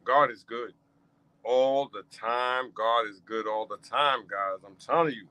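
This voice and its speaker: A man's voice: mid-range voice, unhurried, sharp tone, smooth, low-quality recording. A man hosting his own talk show, repeating himself as he thanks his audience with feeling. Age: 50s. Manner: emotional, repeats phrases, heartfelt thanks. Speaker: podcast host. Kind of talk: casual solo talk show.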